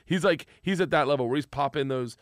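A man hosting a podcast in casual chat, excitable and swearing, breaking into loud laughter. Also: fairly high pitch, fast, dry recording, studio quality. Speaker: podcast host.

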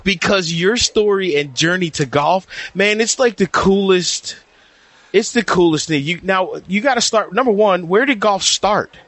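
A man co-hosting a sports podcast, his voice a little higher than most and very lively as he teases and riffs in quick bursts. The sound is dry and close, with no room around it. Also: no room sound. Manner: animated, teasing, talks in quick bursts. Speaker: podcast co-host and golf reporter. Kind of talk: casual sports podcast chat.

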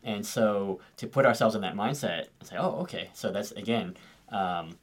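Deep-voiced man in casual podcast chat. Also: moderate pace. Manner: conversational, frequent "right" and "you know". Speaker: podcast co-host. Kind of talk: casual chat about tabletop games.

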